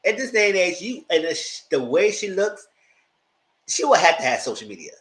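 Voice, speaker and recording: Animated man recapping a TV show. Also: fairly quick, poor audio. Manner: animated storyteller, acts out quotes with high-pitched outbursts; laughs often, chatty and dramatic. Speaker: TV show reviewer. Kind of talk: casual recap commentary.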